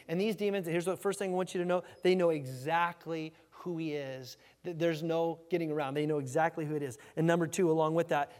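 A male pastor preaching a sermon in an animated, repetitive style, with a fairly high voice. He keeps calling for an amen. His voice echoes through a church with a long reverb tail. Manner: animated, repeats words, asks the congregation "amen?". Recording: reverberant hall.

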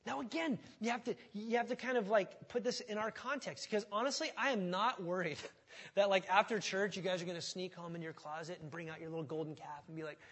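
A male pastor preaching a sermon with animated storytelling, swinging from loud bursts to hushed tones. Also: high-pitched, fairly quick.

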